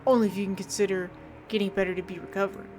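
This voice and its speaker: A woman voicing a wounded, gruff and fatherly old man who calls everyone son and talks in clipped, odd grammar. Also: medium pitch, level tone, racing, a little mellow, soft background music, lightly acted. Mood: grateful.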